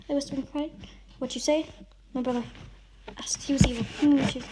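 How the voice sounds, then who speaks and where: High-voiced woman reading melodramatically. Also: steady tone, brisk, long pauses, slight background noise. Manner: over-the-top dramatic reading, shouts and sobs in the big lines. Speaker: vlogger reading a friend's writing. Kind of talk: melodramatic read-aloud with casual commentary.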